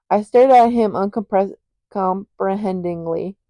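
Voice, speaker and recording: A woman's voice: medium pitch, steady tone, a little slow, warm tone, no room sound. A young woman casually reading a novel aloud as an amateur audiobook, stumbling over words and stopping for chatty asides.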